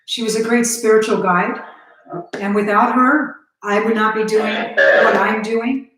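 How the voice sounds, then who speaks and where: A woman's voice: fairly high pitch, fairly even intonation, unhurried, a bit bright. A woman hosting a live ghost-hunting stream, her voice caught from a distance with heavy echo around it. She speaks earnestly, asking pointed questions and turning to chat openly with her viewers. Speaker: ghost hunter. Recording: very echoey, distant from the mic.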